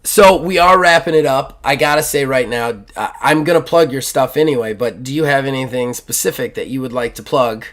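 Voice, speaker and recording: A man's voice: medium pitch, a little fast, hardly any pauses, fairly bright tone. Chatty male game master. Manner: rambling, enthusiastic, filler-heavy. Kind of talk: narrating a tabletop game.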